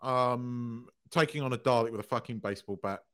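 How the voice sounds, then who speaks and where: A man's voice: medium pitch, steady tone, fairly quick, a bit bright. Man, podcast co-host, opinionated rant, swears freely, casual chat.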